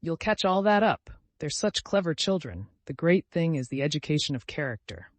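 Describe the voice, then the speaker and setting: A man's voice: on the high side, sing-song, normal speed, dry recording. A man voicing a sincere young landowner in an audiobook, speaking in a reassuring, kindly way.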